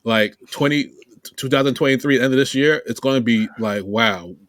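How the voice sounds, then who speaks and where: A man co-hosting a casual podcast, speaking earnestly and emphatically as he pitches the show to listeners. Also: normal speed, fairly bright tone, dry recording. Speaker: podcast co-host. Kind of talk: casual chat.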